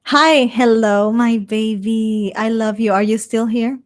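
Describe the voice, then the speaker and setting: Slow-talking chatty woman. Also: fairly high pitch, fairly even intonation. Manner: chatty, laughs often, reads comments aloud. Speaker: streamer reading live chat. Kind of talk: casual live-stream chat.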